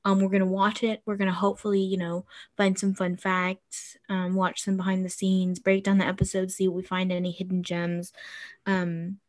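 A woman co-hosting a podcast in casual chat, gushing and excitable, with rambling stories. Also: mid-range voice, normal speed. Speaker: podcast co-host.

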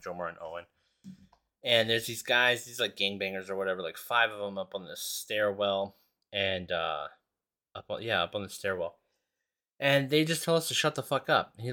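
A man's voice: low-pitched, sharp tone. A man hosting a podcast, telling a long story in a casual, rambling and profane way. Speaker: podcast host.

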